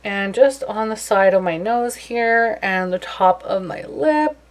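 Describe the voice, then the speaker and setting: A young woman talks her way through a makeup tutorial in a loose, chatty manner. She pokes fun at herself now and then, and her pitch sits in an ordinary middle range. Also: unhurried. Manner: casual and chatty, self-deprecating. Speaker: beauty vlogger.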